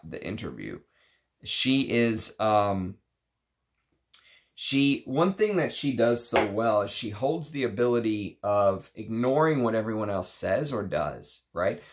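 A man with a somewhat low voice talks through his fragrance collection in a relaxed, unscripted way. He gushes with excitement, restarting sentences and filling pauses as he goes. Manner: enthusiastic, gushing with restarts and fillers. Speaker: perfume reviewer. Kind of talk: casual video review.

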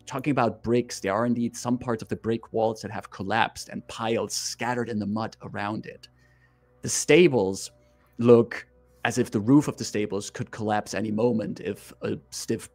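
Man narrating a tabletop game. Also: mid-range voice. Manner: vivid, unhurried scene-setting description. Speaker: game master.

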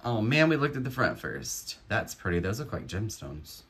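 A man's voice: on the low side, sing-song, normal speed, a bit bright. A man who resells jewelry, giving unboxing commentary and musing aloud with admiring remarks.

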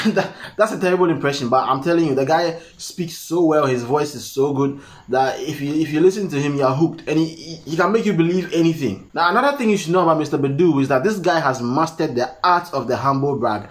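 A man hosting a comedic commentary vlog, playful and teasing, with mock-serious asides. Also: a little high. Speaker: commentary vlogger.

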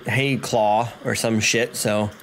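A man giving casual, profane let's-play commentary, excitable and laughing. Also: on the low side, slow pace. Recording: noisy home recording.

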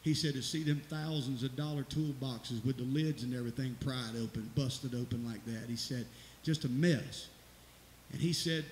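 Folksy pastor in echoey church. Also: male voice, mid-range voice, fairly even intonation, moderate pace. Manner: folksy, rambling, preacherly, rising to loud exclamations. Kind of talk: church announcements and exhortation. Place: church sanctuary. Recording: echoey church hall with hiss.

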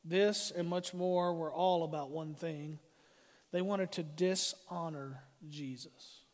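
A middle-aged man preaching a sermon as pastor, dramatic, swinging from loud declarations to hushed lines. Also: fairly high pitch, steady tone, slow. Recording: hall reverb.

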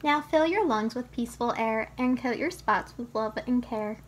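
Brief: a woman reading a children's book aloud, gentle and instructive, with a bright, high voice. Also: moderate pace. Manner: gentle, teaching tone, speaks to the child listener. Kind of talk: storybook read-aloud.

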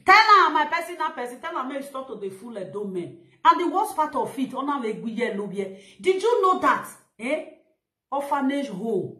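High-voiced Nigerian woman ranting. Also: very animated, moderate pace. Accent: Nigerian Pidgin English. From Edo, Nigeria. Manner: scolding, insulting, loud exclamations. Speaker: live video presenter. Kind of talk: heated live-video rant. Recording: echoey room.

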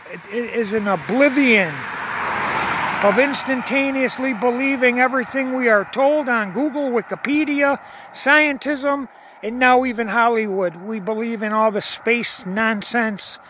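A man's voice: extremely high pitch, a little slow, a bit bright, slight background noise. A man filming outdoors at night on his phone camera, talking to viewers in an insistent way, repeating himself and stumbling over restarts. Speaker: video blogger. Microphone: phone camera held while filming.

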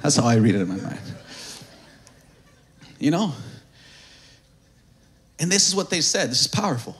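A male pastor preaching at a church service, swinging from hushed, near-whispered lines to shouted, sing-song climaxes. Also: medium pitch. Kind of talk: sermon.

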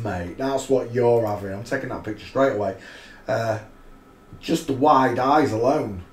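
A man's voice: fairly low pitch, measured pace. Scornful man, rambling stream host. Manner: rambling, scornful, crude banter with asides. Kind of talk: mocking live-stream commentary. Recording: roomy echo, faint noise.

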